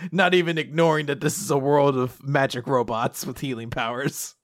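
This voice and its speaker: A man's voice: medium pitch, fairly even intonation, moderate pace, dry recording, clean studio sound. A man casually recapping a manga with a co-host, sarcastic and often laughing, sometimes acting out lines. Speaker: podcast co-host.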